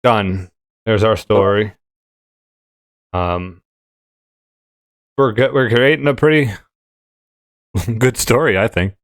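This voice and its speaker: A man's voice: fairly low pitch, slow pace, pauses often, no echo. A man hosting a casual tabletop gaming podcast, rambling with many fillers and restarts. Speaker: podcast host. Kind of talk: casual chat.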